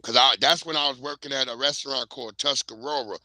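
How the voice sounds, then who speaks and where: A man's voice: mid-range voice, steady tone, fast, bright, forceful tone, dry recording. A man hosting a casual livestream, bantering loosely and joking with plenty of profanity. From Virginia. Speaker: livestream host.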